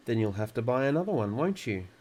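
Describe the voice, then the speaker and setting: A man's voice: mid-range voice, very animated, fast talker, a little mellow, a little hiss or hum, lightly acted. A man voicing a cruel, mocking father in a storybook reading, in a near-normal voice. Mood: sneering. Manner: sneering, mocking.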